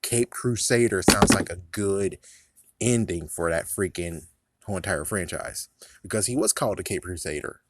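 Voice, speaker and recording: A man's voice: sits low, moderate pace, no room sound, studio quality. A man in casual movie commentary, rambling, swearing and laughing at his own jokes. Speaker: vlogger.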